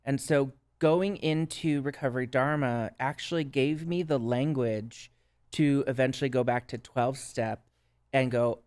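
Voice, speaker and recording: A man's voice: mid-range voice, fairly even intonation, measured pace, a little mellow, smooth. A man with a Minnesota accent, a guest on a podcast, earnestly telling his own story in a reflective way and often checking in with "right?". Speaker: guest, substance use counselor. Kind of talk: casual podcast conversation.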